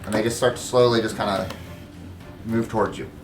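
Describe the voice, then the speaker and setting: A man running a tabletop zombie game as game master, narrating with an animated delivery. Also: brisk, echoey room, music in the background, low-quality recording. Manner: animated, acts out panicked characters in high voices.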